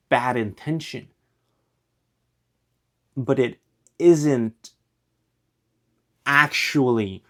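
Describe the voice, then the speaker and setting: A young man talking to camera in a loose, rambling way, full of restarts, casual slang and swearing. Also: mid-range voice. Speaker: vlogger. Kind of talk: rambling philosophical monologue to camera.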